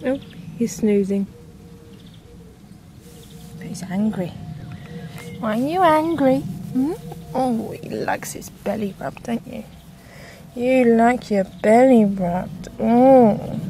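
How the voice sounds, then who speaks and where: A woman's voice: a little high, very slow, long pauses, noisy background. A woman filming her cat in a garden, cooing and teasing him in affectionate baby talk. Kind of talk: casual baby talk to a pet. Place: garden, outdoors.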